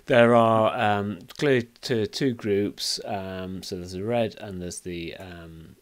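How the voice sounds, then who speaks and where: Low-voiced hesitant male game master. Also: steady tone, takes it slowly. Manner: hesitant, many "kind of, like" fillers. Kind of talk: narrating a tabletop game.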